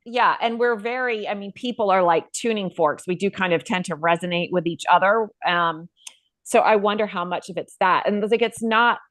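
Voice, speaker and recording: A woman's voice: lowish voice, a bit bright, no echo. A woman co-hosting a casual panel chat, talking in loose, chatty asides. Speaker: co-host.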